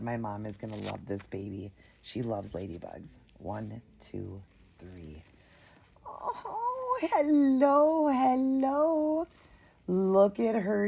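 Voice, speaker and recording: A woman's voice: a bass voice, creaky, a little mellow, husky. A woman vlogging at home, chatting casually and gushing over an unboxing as she talks to her viewers. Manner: gushing, chatty, addresses viewers as "you guys". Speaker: doll collector vlogger.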